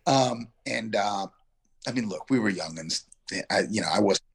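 A man's voice: fairly low pitch, animated, moderate pace, gravelly, a little hiss or hum. A middle-aged man from Yonkers, a guest actor telling a rambling, reflective story in a casual interview, full of fillers and restarts. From Yonkers, New York.

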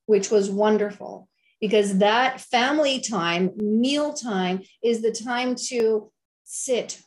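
In a conversational interview, a middle-aged wellness chef speaks with a slightly high, darkish voice. Her manner is enthusiastic, repetitive, and preachy, and she keeps repeating herself to stress her points.

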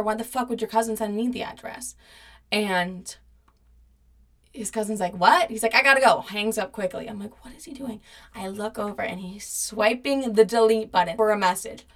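A young woman with a mid-pitched voice tells a personal story in a loose, casual monologue. She swears freely and acts out the people she quotes, her delivery animated and blunt.

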